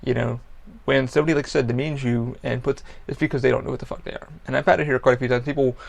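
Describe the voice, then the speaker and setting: A man's voice: medium pitch, steady tone, fast, creaky. A man hosting a podcast, talking bluntly and profanely in a rambling personal monologue. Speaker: podcast host.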